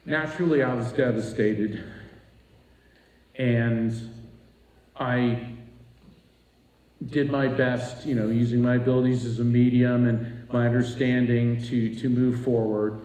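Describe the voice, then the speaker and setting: A man's voice: mid-range voice, slow, long pauses. A man from Florida telling a personal story to a live audience, acting out the voices of people in it. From East Coast Florida. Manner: animated, acts out voices in his story. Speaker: speaker at a retreat. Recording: echoey room, voice from a distance.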